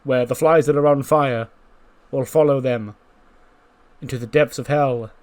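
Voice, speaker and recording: A man voicing a grandiose male wrestler who narrates a creepy tour in a slow, theatrical, pompous way. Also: mid-range voice, steady tone, a little mellow, natural voice.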